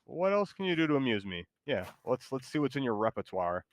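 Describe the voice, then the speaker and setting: A man's voice: medium pitch, big pitch swings, fairly quick, dry recording. A man chatting casually and playfully while streaming a game. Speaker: Twitch streamer. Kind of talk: casual gaming stream chat.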